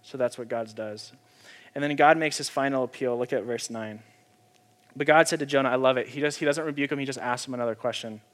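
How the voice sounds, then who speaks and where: A male pastor preaching in a loose, conversational way, full of fillers and asides. His voice sits in an ordinary middle pitch. Every so often he punches a point hard and loud before dropping back to a calmer tone. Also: a little fast. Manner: casual, filler-heavy preaching with sudden emphatic bursts. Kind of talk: conversational sermon.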